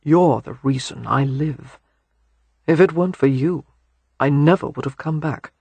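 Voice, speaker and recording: An audiobook reader voicing a tender, ardent young man who speaks in soft murmurs and whispers. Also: mid-range voice, unhurried, gravelly, slightly rough, no room sound. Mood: tender, intimate. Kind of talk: audiobook character reading.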